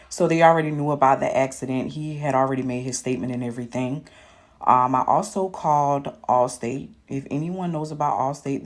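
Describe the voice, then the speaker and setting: Young woman telling her story, lots of ums. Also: a bass voice. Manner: plain, matter-of-fact, frequent ums. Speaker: storyteller in a clip. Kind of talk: casual storytime.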